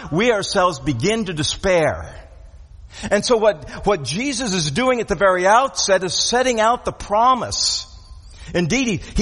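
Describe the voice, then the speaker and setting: A man's voice: high-pitched, a bit bright. A man preaching a sermon, earnest and repetitive, asking rhetorical questions and pressing each point home. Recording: long hall reverb.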